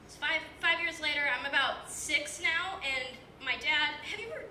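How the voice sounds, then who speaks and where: A woman's voice: high voice, normal speed, bright, forceful tone. An eighteen-year-old woman telling a rambling, self-deprecating story at a stand-up open mic, full of filler words. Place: small comedy club, live audience. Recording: distant, echoey club room with background noise.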